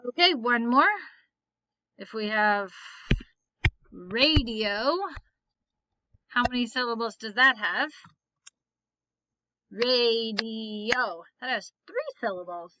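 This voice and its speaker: A woman's voice: on the high side, takes it slowly, pauses often, bright, forceful tone, highs cut off, slight background noise. A woman teaching a phonics lesson, patiently asking questions and then answering them herself. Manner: patient, asks and answers her own questions.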